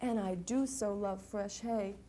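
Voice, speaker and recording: A woman voicing a big, gentle, hungry elephant with a higher, drawn-out voice while reading a picture book aloud. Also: natural voice. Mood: joyful.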